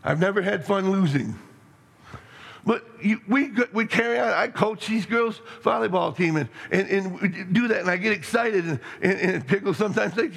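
A middle-aged man preaching a sermon as pastor, rambling and excitable, with many restarts and stammers. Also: high voice, normal speed, creaky, breathy edge. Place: church sanctuary. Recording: long reverb in a hall.

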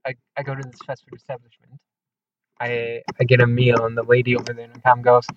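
A young man co-hosting a casual comedy podcast, an animated storyteller who laughs often and acts out the people he quotes. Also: mid-range voice, fast, slight background noise. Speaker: podcast co-host. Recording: dull lo-fi sound.

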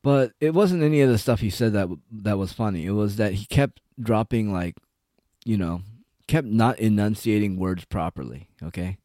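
Low dark male commentator, loose profane rant, dry close sound. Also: normal speed, no room sound. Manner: profane, rambling, heavy on "like" and "dude". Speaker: online commentator. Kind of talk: casual rant.

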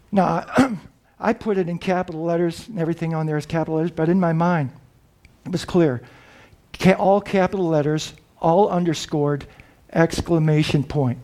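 A man preaching a sermon, earnest and reflective, pausing and restarting as he explains. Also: fairly high pitch, darkish tone.

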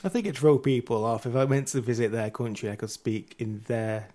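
A man's voice: medium pitch, fairly quick, warm tone. A man in a casual podcast chat in an attic room, with dry, teasing remarks.

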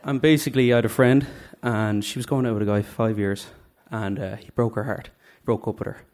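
A man from Dublin, Ireland, with a local accent performs a humorous story at his own expense on stage at a live story night, doing the voices of the characters. His voice is fairly low and darkish, with fairly even intonation and a slightly fast pace.

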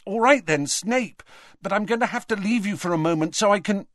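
A man voicing an anxious teenage boy wizard who talks in an urgent, rushed way. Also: high voice, a bit bright, no room sound, clean studio sound, pitched above the performer's own voice.

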